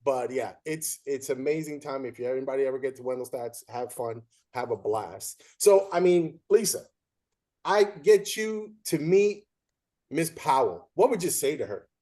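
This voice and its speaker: A man hosting a casual chat, an umpire telling lively stories and acting out what others said. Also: mid-range voice, normal speed. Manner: animated storyteller who acts out quoted voices. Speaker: podcast host.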